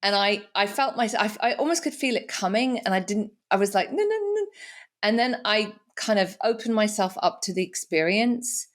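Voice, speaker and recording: A woman's voice: medium pitch, normal speed, hardly any pauses. A middle-aged woman hosting a podcast, talking candidly and reflectively, with frequent restarts. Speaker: podcast host. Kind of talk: casual conversation.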